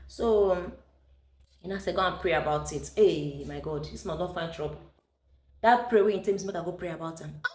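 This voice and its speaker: A Nigerian woman tells a story from her own life in a chatty vlog manner, mixing Pidgin English into her speech. Her voice sits at an ordinary middle pitch for a woman. The room around her sounds echoey, with a faint hum of ambience behind her. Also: animated, fairly quick, a little mellow. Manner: chatty, mixes in Pidgin English, laughs often. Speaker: vlogger. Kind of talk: personal storytelling.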